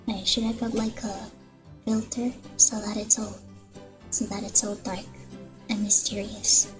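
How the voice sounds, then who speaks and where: A young woman streaming her first ASMR session, talking softly and often whispering, nervous and rambling. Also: mid-range voice, little pitch movement, a little slow, rough recording. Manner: soft-spoken, often whispering. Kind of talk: casual ASMR stream chat. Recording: music playing behind.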